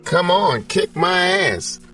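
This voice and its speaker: A bitter young woman ready to walk out, played by a man who raises his voice high for her. She is sharp and defiant. The reading sounds far from the mic, with faint music behind. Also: lively intonation, takes it slowly, exaggerated voice. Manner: angry, defiant.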